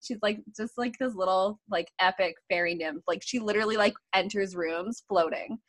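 An animated young woman chats casually on a podcast. She tells stories with lots of laughter and casual swearing. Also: medium pitch, normal speed. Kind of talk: casual chat.

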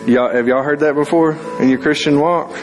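A young preacher delivers a fervent sermon in a church sanctuary over music, using a handheld or stage mic and rising to loud, dramatic readings of scripture. His voice is a little high, his tone steady, and his pace brisk.

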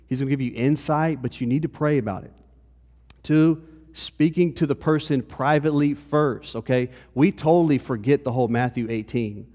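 A man's voice: medium pitch, moderate pace, dark tone. Man preaching in an echoing hall. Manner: conversational, often checks in with "okay?". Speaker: pastor. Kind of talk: sermon. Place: church hall. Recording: long reverb of a hall.

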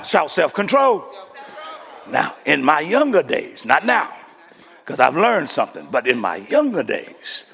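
A man preaching a sermon as pastor, calling out to the congregation and swinging from shouts to soft hushes. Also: high-pitched, gravelly, in a large hall.

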